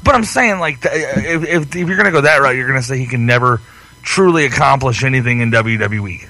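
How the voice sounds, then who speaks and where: A man's voice: medium pitch, a little fast, sharp tone, dry recording, rough recording. A man co-hosting a casual wrestling podcast, swearing and laughing freely while he plays a video game. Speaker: podcast co-host.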